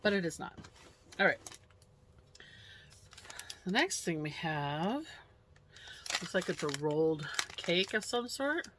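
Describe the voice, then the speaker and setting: A woman with a notably low voice reviews snacks in a casual vlog. She chats in an unhurried way, murmuring as she chews. Clear background noise runs under the home recording. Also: big pitch swings. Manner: chatty, unhurried, murmurs while chewing. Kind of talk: casual snack taste-test commentary.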